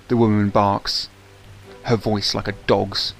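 A man's voice: lowish voice, little pitch movement, slow, vocal fry, faint music behind. A man as game master of a tabletop game, narrating and correcting himself mid-sentence.

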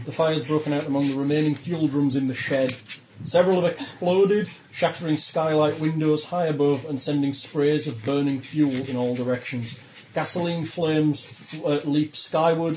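A man's voice: fairly high pitch, mellow, a little hiss or hum, rough recording. A man running a tabletop role-playing session as game master, narrating the scene with frequent ums and uhs.

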